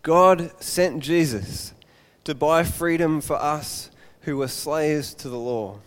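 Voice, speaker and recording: A man preaching a Father's Day sermon, an animated storyteller who acts out the voices of his characters. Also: on the high side, slow pace, long reverb tail.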